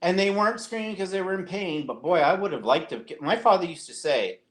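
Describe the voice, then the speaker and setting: A man's voice: sits high, lively intonation, brisk. A man co-hosting a casual live-stream chat, campy with theatrical exclamations and cheeky jokes. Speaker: co-host.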